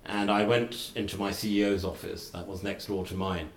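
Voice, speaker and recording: A middle-aged man giving a formal lecture, speaking in measured, deliberate short phrases with wry humour. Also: sits low, fairly even intonation, vocal fry. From United Kingdom. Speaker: guest lecturer. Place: lecture hall. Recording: roomy lecture hall.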